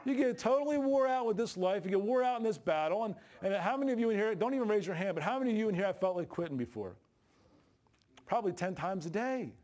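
A middle-aged man preaching a sermon with a voice set a bit higher than most men's. He talks in a folksy, emphatic way and jumps up in pitch when he gets fired up. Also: animated, fast talker, a little mellow.

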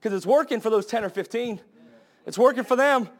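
A young adult man preaching a sermon to his church, impassioned and building to high, emphatic cries. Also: a little fast. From United States.

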